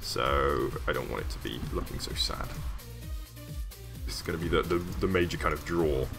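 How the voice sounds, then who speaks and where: A man's voice: rumbling low, normal speed, gravelly, music in the background. A man with a Yorkshire accent talking casually while he works on a landscape during a live stream, rambling with lots of fillers and small laughs. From Yorkshire, northern England. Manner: rambling, self-amused, many fillers.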